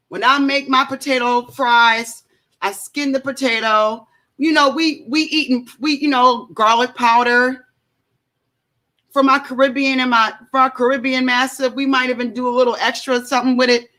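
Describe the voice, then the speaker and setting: A woman hosting a casual reaction show from home, talking in an animated, chatty way with many asides to her viewers. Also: high voice, normal speed. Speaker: show host.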